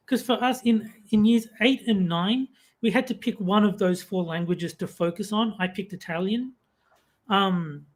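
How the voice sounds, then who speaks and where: A co-host with an Australian accent talks on a casual online show. The voice is mid-pitched, and the delivery is relaxed and wanders a little from point to point. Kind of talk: casual podcast chat.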